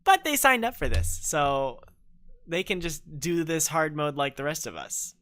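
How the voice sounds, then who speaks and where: Bright, lively young man streaming a game. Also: on the high side, unhurried. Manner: playful, jokey storytelling with silly voices. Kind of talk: livestream gameplay chat.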